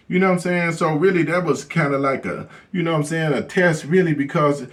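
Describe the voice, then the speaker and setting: A man's voice: a little high, a little fast, hardly any pauses. A man telling a story as a profane, blunt rant, cursing constantly and repeating "you know what I'm saying". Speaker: vlogger.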